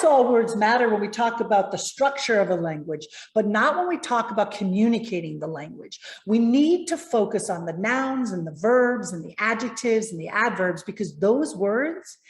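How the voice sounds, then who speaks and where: A woman communication coach giving a lesson on presentation tips, speaking expressively and slowing down to stress key words. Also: medium pitch, echoey room.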